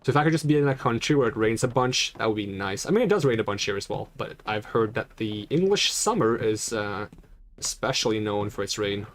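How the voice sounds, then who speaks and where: A man's voice: lowish voice, lively intonation, fairly quick. A young man chatting casually on a live stream while playing, rambling and answering questions from chat.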